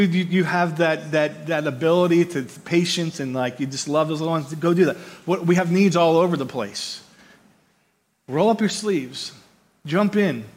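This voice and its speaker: A man preaching a conversational sermon, animated and often checking in with his listeners by asking "right?", repeating words as he builds his points. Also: on the high side. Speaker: pastor.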